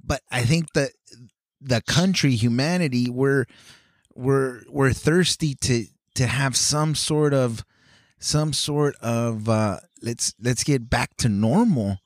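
A man's voice: mid-range voice, takes it slowly, dry recording, clean studio sound. A man co-hosting a podcast, chatting casually with many hesitations and restarts. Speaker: podcast co-host. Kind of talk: casual chat.

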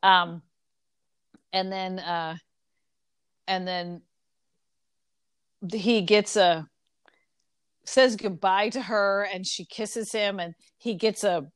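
A woman's voice: medium pitch, very slow, pauses often, smooth, no echo. Chatty woman retelling a plot, dry sound. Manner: animated retelling with quoted voices, frequent ums. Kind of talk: casual chat retelling a story.

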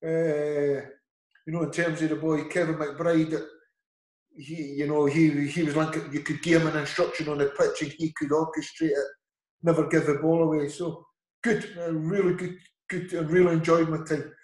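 A man's voice: a little high, little pitch movement, moderate pace, darkish tone. A middle-aged man with an Edinburgh Scottish accent, a football manager telling rambling anecdotes as an interview guest, acting out the dialogue. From Scotland. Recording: echoey room.

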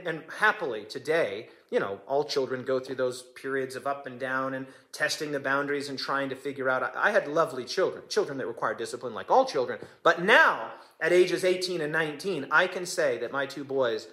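A man's voice: on the high side, pushed and bright. A man in his forties preaching a sermon as pastor, impassioned and emphatic, repeating phrases for effect.

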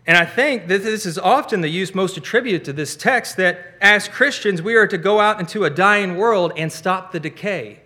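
A pastor delivers his sermon in a bright, forceful tone. His voice sits a touch above the usual for a man. He drives each point home with emphatic, rising stresses. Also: sits high.

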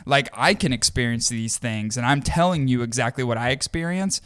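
Brief: male podcast co-host, mid pitch, rambling and earnest. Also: moderate pace, a bit bright, clean tone. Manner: rambling, many fillers and restarts, earnest. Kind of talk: casual chat.

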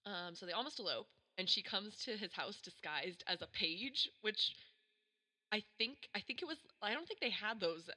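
A woman's voice: medium pitch, lively intonation, moderate pace, sharp tone. A woman hosting a podcast, telling a story in casual chat with jokey asides and frequent laughter. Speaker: podcast host.

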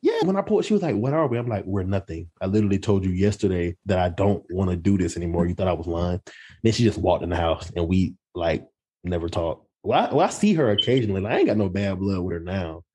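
A man's voice: deep voice, fast talker, slightly rough. A young man telling a story in casual chat with friends, acting out the voices of the people in it. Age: young adult. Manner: animated storytelling, mimics others' voices.

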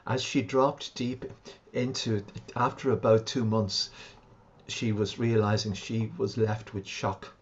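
A man, a homeopath and shamanic practitioner, calmly recounting a client's sessions in an interview. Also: fairly low pitch, slow, muffled recording, slight background noise. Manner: calm, reflective, recounts sessions at length. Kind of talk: interview storytelling.

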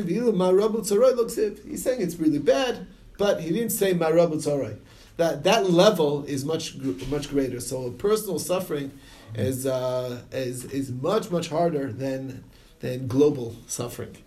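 Animated man teaching a text. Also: a little high, moderate pace. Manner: reads Hebrew and Aramaic text aloud then explains it in English, animated. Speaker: Talmud study teacher. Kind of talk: Talmud study class, reading and translating.

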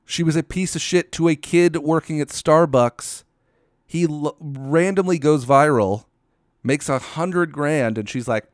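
A man's voice: fairly high pitch, normal speed, no echo, studio quality. A man giving a solo commentary rant, profane, sardonic and incredulous.

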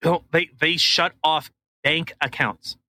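Bright-voiced, jokey male podcast host. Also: fairly high pitch, fairly even intonation, a little slow. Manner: rambling, jokey, reads articles aloud. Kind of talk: casual comedic chat.

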